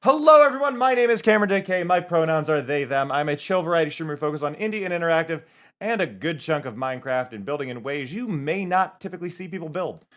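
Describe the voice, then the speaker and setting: A man's voice: fairly high pitch, animated, fast, a bit bright. A man chatting casually on a livestream, talking easygoing and narrating what he does as he builds in a game at home into a desk microphone. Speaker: streamer. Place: home room. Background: faint game music.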